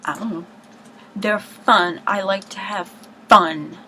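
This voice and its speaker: A woman chatting casually to camera on a low-quality home video, rambling with hushed asides and mock-dramatic outbursts. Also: fairly even intonation, takes it slowly, a little hiss or hum. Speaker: vlogger showing her record collection.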